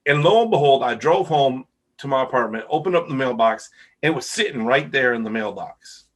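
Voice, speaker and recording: A middle-aged man runs a casual podcast interview at a brisk clip, his medium-pitched voice full of lively intonation. He's enthusiastic throughout and says "wow" over and over.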